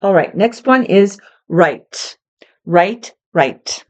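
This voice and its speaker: Slow, patient woman teaching English. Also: mid-range voice, animated. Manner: patient, encouraging, talks to a child helper.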